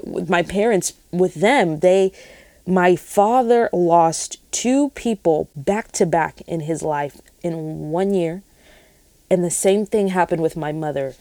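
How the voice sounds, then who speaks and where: A woman's voice: on the low side, vocal fry, warm tone, no room sound. A young woman sharing a Christian testimony in an earnest, rambling way, often restarting her sentences. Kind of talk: casual spoken testimony.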